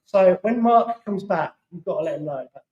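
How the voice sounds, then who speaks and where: A man's voice: high-pitched, lively intonation, a little fast, a little mellow, muffled recording. A middle-aged English man giving a live talk to an audience, telling fishing stories in a chatty way. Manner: chatty storyteller, acts out other people's lines. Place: club hall. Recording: roomy hall echo.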